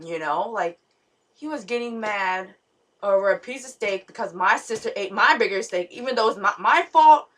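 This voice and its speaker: A woman's voice: medium pitch, a bit bright. A young woman vlogger rambling through a dream story, full of fillers and restarts. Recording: voice somewhat far from the mic.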